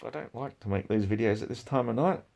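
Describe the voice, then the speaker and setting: A man's voice: mid-range voice, quick pace, gravelly, a little mellow. Profane ranting man. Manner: profane, heated, swings between mutters and outbursts. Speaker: video creator. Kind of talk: angry ranting commentary.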